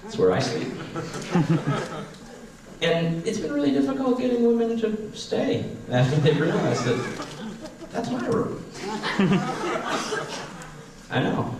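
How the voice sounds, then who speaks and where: A man's voice: high-pitched, sing-song, takes it slowly, long pauses, a crowd in the background. A man in his twenties doing a profane, self-deprecating stand-up comedy set. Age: 20s. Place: small stage at a comedy class show. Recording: echoey room, mic far off.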